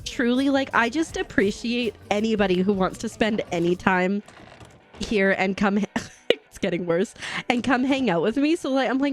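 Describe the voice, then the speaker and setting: Bubbly and giggly, this streamer plays a game live, chats casually, laughs a lot, and gives her viewers warm hellos. Her pitch is medium, her intonation lively, and her speed normal.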